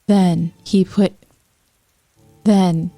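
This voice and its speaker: A woman's voice: lowish voice, fairly even intonation, extremely slow, mellow, dry recording. A woman hosting a podcast, reading fanfiction aloud with wry, apologetic asides.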